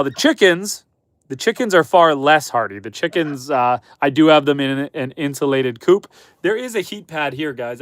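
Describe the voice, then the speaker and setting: Canadian homestead guy on a livestream, stuffed up from a cold, bit higher voice, dry close sound. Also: dry recording. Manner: chatty and upbeat, talks to chat and animals. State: head cold, stuffy and slightly hoarse. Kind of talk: casual livestream chat reading viewer comments. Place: chicken coop on a homestead.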